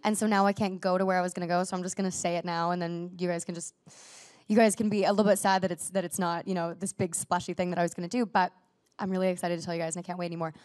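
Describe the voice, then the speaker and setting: This young actress has a lowish, level, slightly mellow voice, captured in a dry, studio-quality recording. Guesting in a casual interview chat, she is bubbly, says "like" constantly, restarts quickly, and is still coughing from a recent illness.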